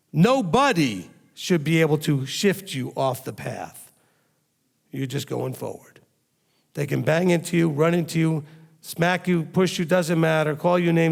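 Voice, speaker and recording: Guy preaching a sermon, lots of creaky fry, keeps hitting the crowd w questions. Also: fairly high pitch. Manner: emphatic, fires rhetorical questions at listeners. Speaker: rabbi teaching a congregation.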